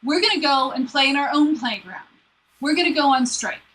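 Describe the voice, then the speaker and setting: A woman's voice: high voice, lively intonation, fairly quick, bright, forceful tone, rough recording. A woman working as a relationship coach, earnestly walking through numbered advice in a conversation. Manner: earnest, lays out numbered steps, drops into playful quoted voices.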